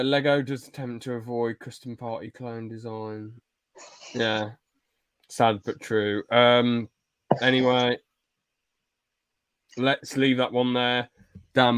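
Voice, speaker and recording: A man's voice: mid-range voice, level tone, takes it slowly, pauses often, fairly bright tone, clear, resonant tone, dry recording. Laid-back man, dry close sound. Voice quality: swears freely, trails off into filler words. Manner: laid-back, mildly critical, repeats himself. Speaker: podcast co-host. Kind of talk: casual reaction chat.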